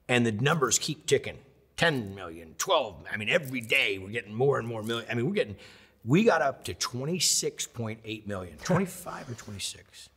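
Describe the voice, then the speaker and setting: Man, 50s, husky low voice, animated storyteller, interview guest. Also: big-room sound. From United States. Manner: animated storyteller who acts out quotes.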